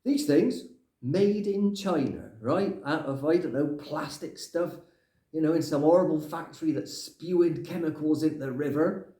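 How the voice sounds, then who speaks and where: A man's voice: a little high, normal speed, warm tone, lightly acted. A man playing a grumpy older Englishman who rambles and rants in a comic monologue, tagging his lines with "right?". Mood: grumbling. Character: grumpy older Englishman ranting about clutter. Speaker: comic character. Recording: echoey room.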